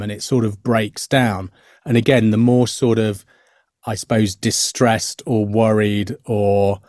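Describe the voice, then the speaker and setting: A middle-aged man with a low voice talks through his acting training as a podcast guest. He is thoughtful and hedging, full of "um" and "you know" as he works out his points. The sound is dry and close. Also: darkish tone, no echo. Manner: thoughtful, many fillers and restarts. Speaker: actor guest. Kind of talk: podcast interview.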